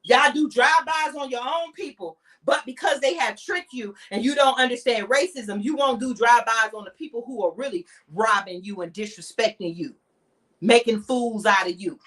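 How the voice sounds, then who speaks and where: Heated, high-voiced woman ranting off-mic. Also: normal speed, a bit bright, distant mic. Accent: African American English. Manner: blunt, heated, profane ranting. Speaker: podcast host. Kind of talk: impassioned monologue.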